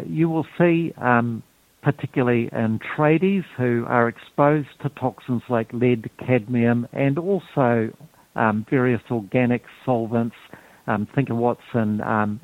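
A man talks through a health topic, pausing often with ums and restarting his sentences. He speaks slowly, and his voice comes through a narrow, tinny phone line with a dry sound. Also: mid-range voice, no echo. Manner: halting, many ums and restarts. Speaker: health guest explaining detox. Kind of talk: explanatory talk.

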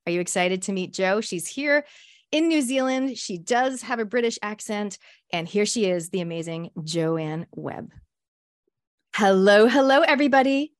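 A woman hosting an interview show, talking with effusive, gushing enthusiasm. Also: mid-range voice. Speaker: show host.

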